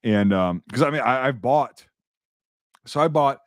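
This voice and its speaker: A man's voice: mid-range voice, lively intonation, unhurried, no echo. Rambling, profane man in dry close sound. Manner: rambling, profane, many restarts and fillers. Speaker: podcast host. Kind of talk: casual chat.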